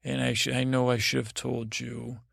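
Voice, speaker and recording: A nervous, apologetic male royal advisor from a bedtime story, as a man voices him. He stammers through his words with a gravelly edge, close and dry. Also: mid-range voice, flat delivery, normal speed, a bit bright, no room sound.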